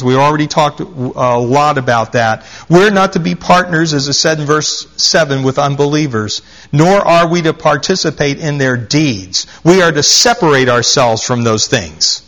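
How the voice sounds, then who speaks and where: A man's voice: a little high, expressive, moderate pace, a bit bright. A man with a slightly raised voice delivers a sermon from the pulpit. He reads scripture verses aloud and presses his points home by repeating the key phrases. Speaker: pastor.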